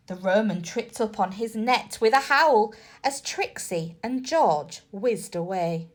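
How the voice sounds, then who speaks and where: A woman reading a children's bedtime story aloud, lively and expressive. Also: mid-range voice.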